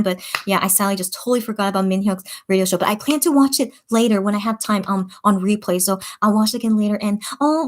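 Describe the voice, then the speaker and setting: A young woman hosting a late-night livestream, chatting casually as she reads out and answers viewer comments, full of fillers and restarts. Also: mid-range voice. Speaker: livestream host reading chat. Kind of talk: casual chat.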